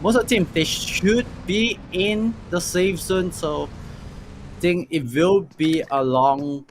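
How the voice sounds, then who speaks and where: Male esports caster, excitable play-by-play, a touch high, faint background noise. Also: takes it slowly. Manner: excitable, frequent "ooh" and "oh" reactions. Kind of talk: live play-by-play commentary.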